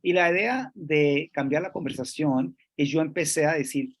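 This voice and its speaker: A man from Colombia, presenting a workshop in a measured way, pausing and restarting as he switches between English and Spanish. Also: a little high.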